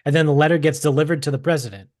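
A man's voice: on the high side, very fast, darkish tone, dry recording, studio quality. A man co-hosting a podcast in casual chat, telling a story in a rambling way with swearing and mocking asides. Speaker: podcast co-host.

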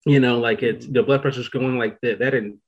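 Rambling excitable man, slightly muffled. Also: medium pitch, a little fast, breathy edge. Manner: rambling, excitable, many fillers. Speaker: podcast host. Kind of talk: casual chat.

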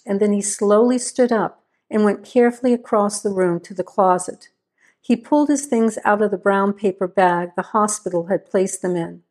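Woman, story narrator, steady and measured, middle pitch. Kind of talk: scripted narration.

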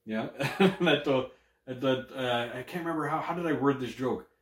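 A man's voice: mid-range voice, moderate pace. A young man in casual podcast chat, joking crudely and laughing often. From Canada. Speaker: podcast co-host. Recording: roomy echo.

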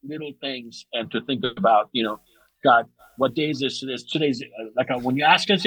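A middle-aged martial arts teacher, appearing as a podcast guest, chats casually and animatedly in a fairly quick, slightly rough voice over poor audio. He tells stories with energy, often restarting sentences and raising his pitch for emphasis.

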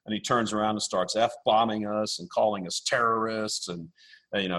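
A man speaking as a podcast guest, blunt and forceful, repeating himself as he rambles. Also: lowish voice, steady tone, brisk. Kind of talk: casual interview.

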